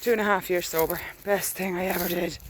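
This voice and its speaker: A woman's voice: on the low side, fairly even intonation, fairly quick, slight background noise. Irish woman, candid rambling vlogger on a field walk, faint rural air behind. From Ireland. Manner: chatty, candid, walks while talking. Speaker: dog walker vlogging. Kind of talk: casual rambling diary vlog.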